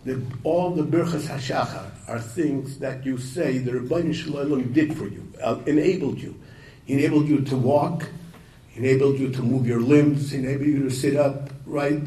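A man telling a story and talking to yeshiva students, halting and repeating words, with Yiddish and Hebrew terms. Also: medium pitch, fairly even intonation, dark tone. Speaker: speaker addressing yeshiva students. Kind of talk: informal talk to students, storytelling. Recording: echoey room, voice from far off, faint noise.

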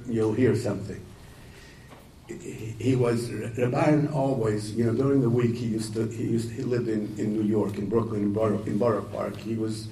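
A man telling a story and talking to yeshiva students, halting and repeating words, with Yiddish and Hebrew terms. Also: medium pitch, warm tone. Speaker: speaker addressing yeshiva students. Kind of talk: informal talk to students, storytelling. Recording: echoey room, voice from far off, faint noise.

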